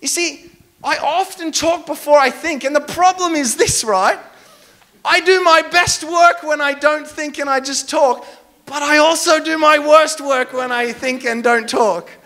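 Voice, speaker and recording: Brief: young male pastor, high voice, animated and self-mocking in his sermon stories. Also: measured pace. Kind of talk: storytelling sermon.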